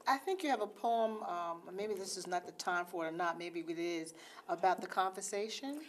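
A woman's voice: fairly low pitch, normal speed. Chatty woman hosting a talk show. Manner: rambling, many fillers of "you know". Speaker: host. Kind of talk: interview hosting.

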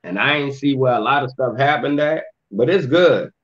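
A man with a New Orleans accent hosting his own casual live stream, greeting viewers by nickname in a relaxed way. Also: medium pitch, moderate pace. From Louisiana. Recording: slightly dull lo-fi sound.

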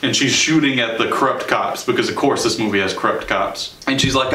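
Sarcastic and chatty, this young man hosts a show and reviews movies casually, dropping quick asides with laughs. His voice sits at mid pitch, pushed and bright, and the recording comes from a distance, echoey and roomy.

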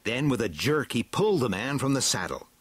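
A man reading a storybook aloud with a slow, dramatic, swooping delivery. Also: mid-range voice, very animated, slightly rough, no echo. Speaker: narrator.

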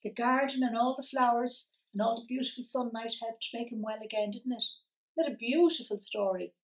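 A woman storyteller reading a picture book aloud for children, in an animated, expressive way. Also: a little high, moderate pace. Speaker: library storyteller. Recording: voice from a distance.

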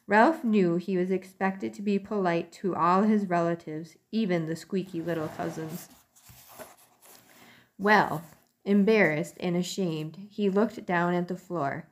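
A woman teacher reading a chapter aloud to her class, with friendly asides. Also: lowish voice.

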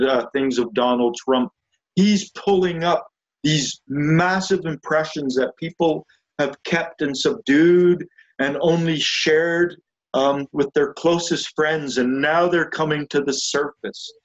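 A man leading an online study group, talking slowly and reflectively, often restarting his sentences, sometimes reading passages aloud. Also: fairly high pitch, muffled recording. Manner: slow, reflective, with frequent restarts. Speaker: group leader teaching spiritual ideas. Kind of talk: unscripted talk with read-aloud passages. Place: a room with chairs and a sofa.

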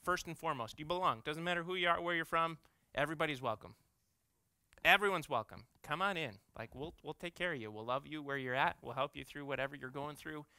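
A man's voice: a little high, a little fast, pushed and bright, clean tone, no room sound. A man in his thirties, an executive pastor, giving a conversational sermon full of playful, self-mocking family stories.

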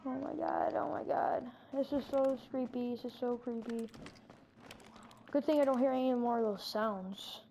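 A woman's voice: on the high side, normal speed, vocal fry, mellow, slight background noise. A woman playing through a scary game story, reacting breathlessly with lots of exclamations. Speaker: player acting out a scary game movie. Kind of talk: improvised game role-play narration.

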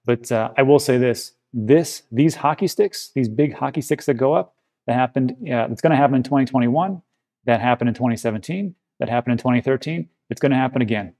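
Male crypto host, casual to-camera commentary, gravelly low-key voice, reassuring and chatty, lots of fillers. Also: brisk, dark tone. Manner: conversational and reassuring, with frequent filler words.

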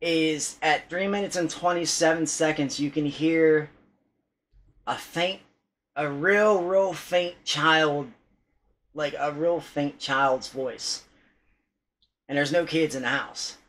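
Rambling man with a slightly high voice. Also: fairly even intonation, slow, long pauses, fairly bright tone, low-quality recording. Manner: rambling, hesitant, full of restarts and casual swearing. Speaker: paranormal vlogger. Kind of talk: casual vlog talk.

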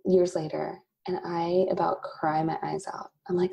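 A woman in her thirties speaks as a podcast guest, sharing an emotional personal story. Her voice is low and darkly mellow, with a gravelly edge. She breaks into laughter often and acts out quoted asides with lively energy. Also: moderate pace. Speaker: podcast guest, coffee company founder. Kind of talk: candid conversational storytelling.

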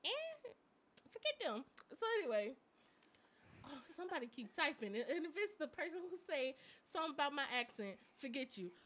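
Lively high-voiced young woman, chatty. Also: brisk. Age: young adult. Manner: chatty storyteller with frequent laughter and slang. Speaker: co-host of a live chat stream. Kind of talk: casual chat.

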